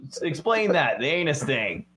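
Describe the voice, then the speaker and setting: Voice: mid-range voice, big pitch swings, moderate pace, noisy background. A player joking and swearing through a tabletop role-play game, laughing often.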